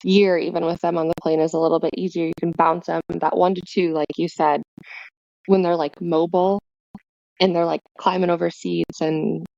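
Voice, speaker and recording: A woman guest in a casual podcast chat, telling stories with lively asides. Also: lowish voice, moderate pace, vocal fry, no room sound. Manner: chatty storyteller, lively asides. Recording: dull, dry lo-fi sound.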